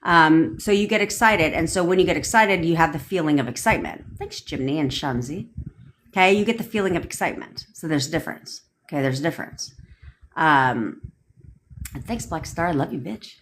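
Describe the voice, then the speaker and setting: A woman's voice: low voice, expressive, fairly quick, fairly bright tone, slight background noise. Blunt, profane woman ranting on a livestream. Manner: blunt, profane, rhetorical questions. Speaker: manifestation coach. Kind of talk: livestream rant answering viewer comments. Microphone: phone livestream.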